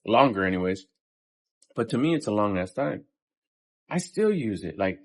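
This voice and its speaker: A man's voice: lowish voice, sing-song, moderate pace, pauses often, breathy edge. A man in his fifties giving a casual, profane motivational talk between workout sets in a day-in-my-life vlog. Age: 50s. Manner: blunt, profane and pep-talking. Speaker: vlogger.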